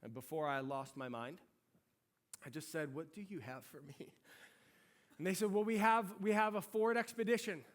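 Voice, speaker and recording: A middle-aged man pastor preaching a sermon, telling a story in an animated, conversational way. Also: fairly high pitch, moderate pace, long pauses.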